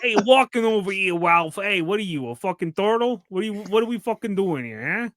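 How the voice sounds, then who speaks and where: A man's voice: high-pitched, expressive, fairly quick, fairly bright tone, dry recording, studio quality. A man putting on a brash New York tough guy. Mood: heckling. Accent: put-on New York accent.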